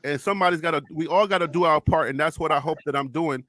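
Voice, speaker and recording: A man with a high, bright, sharp voice hosts a livestream panel, talking with deep emotion. He builds his points in a repetitive, preacher-like cadence. The sound is dry and close. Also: quick pace, no room sound. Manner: impassioned, repeats himself, preacher-like cadence. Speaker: livestream host.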